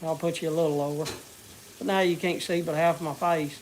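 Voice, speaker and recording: A man's voice: a little high, steady tone, fairly quick, slight background noise. A man chatting casually on a livestream, rambling and searching for words. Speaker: vlogger.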